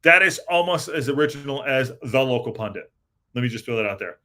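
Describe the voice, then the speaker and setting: A man's voice: mid-range voice, lively intonation, fairly quick, bright, forceful tone. A man hosting a casual live-stream podcast, reading the chat aloud and rambling with lots of fillers and restarts. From United States.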